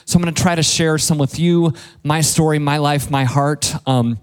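A man in his thirties preaches from the pulpit like he is chatting with friends. His fairly high voice moves between playful asides and earnest points, full of jokes at his own expense. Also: fairly even intonation, normal speed, clean tone. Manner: conversational, playful storytelling with self-deprecating jokes. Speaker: pastor. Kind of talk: sermon.

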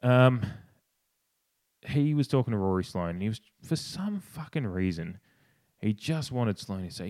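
This co-host is very animated on a casual, opinionated podcast, talking at normal speed with a darkish tone and no room sound. He swears with passion, often starts sentences over, and mimics others by raising his voice.

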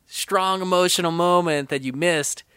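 A man co-hosting a podcast, chatting casually about a film and acting out scenes with quick impressions. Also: high voice, smooth, no echo, studio quality. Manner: animated, acts out movie scenes in quick impressions. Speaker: podcast co-host.

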